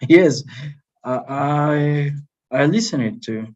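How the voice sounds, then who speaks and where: A man's voice: a little high, slow pace, darkish tone, muffled recording. A man who speaks Spanish as his first language, studying English, answering hesitantly and thinking aloud. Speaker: student.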